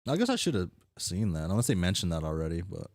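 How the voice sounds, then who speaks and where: A young man reading a webcomic aloud and commenting in a rambling, halting, self-deprecating way, swearing freely. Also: deep voice, sing-song, a little mellow, no echo, studio quality. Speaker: webcomic reaction reader.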